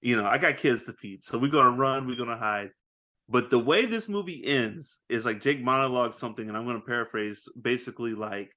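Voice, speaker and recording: Man, podcast co-host, casual movie recap, animated storyteller, middle-pitched voice. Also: fairly quick. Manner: animated storytelling, acts out lines, laughs often.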